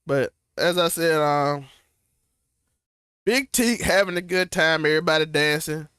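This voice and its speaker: A man's voice: a little high, a little slow, pushed and bright, clean tone, dry recording, clean studio sound. A young man, co-hosting a casual TV recap chat, talking loosely with slang and restarts. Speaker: co-host of a TV recap show.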